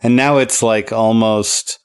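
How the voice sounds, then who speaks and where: A man with a lowish voice chatting on a podcast. He delivers wry, dry jokes in an easy, casual way. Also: steady tone, takes it slowly, clean tone. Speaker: podcast co-host. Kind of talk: casual chat.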